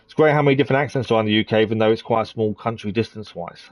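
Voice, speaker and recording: A man's voice: lowish voice, very fast, no echo. A man from the East of England chatting casually as he plays a game on stream, thinking aloud with plenty of ums. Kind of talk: casual gameplay commentary.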